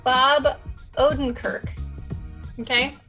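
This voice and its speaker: Woman, casual panel chat, chatty and laughing, high voice, music behind. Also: level tone, slow, sharp tone.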